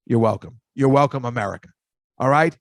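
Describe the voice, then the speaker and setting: Man, podcast host, casual rambling stories, jokey asides, mid-pitched voice, dry close recording. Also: a little fast, vocal fry, no room sound. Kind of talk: casual storytelling monologue.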